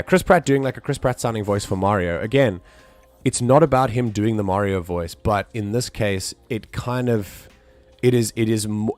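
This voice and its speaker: A man chatting casually on a live stream, rambling with many restarts and fillers. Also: low-pitched.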